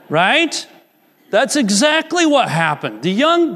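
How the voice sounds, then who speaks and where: Male pastor, emphatic sermon delivery, slightly high voice, long hall reverb. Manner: animated preaching, emphatic, slows on key phrases.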